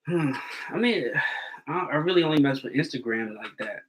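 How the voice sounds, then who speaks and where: A man co-hosting a podcast, relaxed and opinionated, often restarting his words. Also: medium pitch, fairly quick, poor audio. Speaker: podcast co-host. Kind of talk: casual chat.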